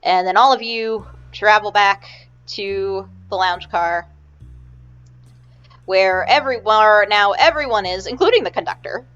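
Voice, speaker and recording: A woman's voice: mid-range voice, measured pace, a bit bright, clear, resonant tone. Woman running a tabletop game, lots of ums and restarts, kinda dull lo-fi mic. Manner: rambling, hesitant with many fillers. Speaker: game master.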